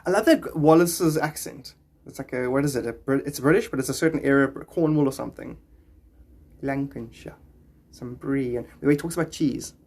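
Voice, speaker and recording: A man's voice: medium pitch, moderate pace, a little mellow. A man chatting on a live stream, reading viewers' comments and rambling into spiritual musings.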